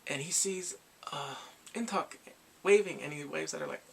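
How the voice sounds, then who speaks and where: A man recapping a drama episode in a casual, excited way, acting out the characters' lines and his own reactions. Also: on the high side, moderate pace, creaky, slightly rough. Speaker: drama reviewer.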